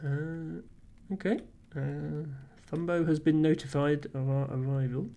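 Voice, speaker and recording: A woman's voice: low-pitched, fairly even intonation, unhurried, vocal fry, dark tone. A woman streamer playing a game live, chatting casually, laughing often and reading game text aloud.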